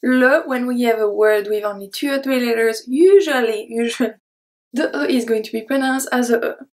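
A woman teaching pronunciation, saying each word slowly and repeating it before she explains its sounds. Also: on the high side, fairly even intonation. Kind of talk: slow word-by-word pronunciation lesson.

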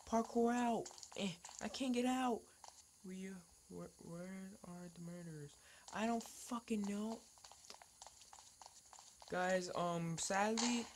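A woman commentating her gameplay, excitable and trash-talking, swearing often and repeating words in taunting bursts. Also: fairly low pitch, a little hiss or hum. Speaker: gaming channel host.

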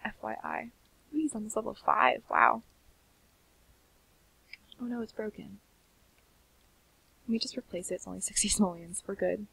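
A young woman giving sleepy, chatty commentary on a life-sim game, often slipping into soft half-whispers. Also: medium pitch, normal speed, gravelly, pauses often, breathy edge, poor audio. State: sleepy, keeps yawning. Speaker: gaming channel host. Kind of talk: casual gameplay commentary.

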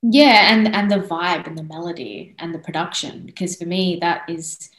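Animated woman on an echoey podcast. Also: on the low side, moderate pace. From Australia. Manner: animated, laughs often. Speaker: singer-songwriter guest. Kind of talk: casual podcast conversation.

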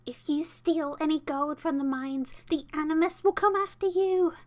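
A woman's voice: high voice, darkish tone, pitched above the performer's own voice, close to an everyday voice. A woman putting on a cackly old crone's voice. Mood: spooky. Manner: cackling, slow and spooky. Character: cackly old woman telling a spook story.

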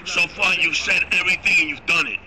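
Pumped guy yelling catchphrases, kinda high voice, crowd going behind him. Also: fast talker, rough recording. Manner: loud, repetitive, hyped slogans. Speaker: co-host. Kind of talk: hype-man chanting on a live stream.

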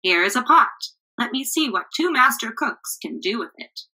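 A woman reading aloud and voicing a round, food-loving village man who drawls his words slowly. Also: on the high side, expressive, pushed and bright, breathy edge, pitched above the performer's own voice, exaggerated voice, rough recording. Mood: eager. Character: round hungry man with a big pot, friendly.

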